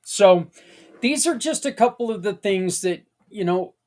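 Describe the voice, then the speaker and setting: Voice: medium pitch, animated, unhurried, a little mellow. A podcast host talking in a casual, earnest monologue, folksy and rambling with tangents and mild swearing. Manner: earnest and encouraging.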